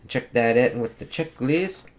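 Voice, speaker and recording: A man talking through a comic book review in a loose, rambling way, swearing freely and leaning on filler phrases. His pitch is lively, moving up and down a lot as he talks. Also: normal speed. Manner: profane, rambling, with many "it's like" fillers. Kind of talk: casual review commentary.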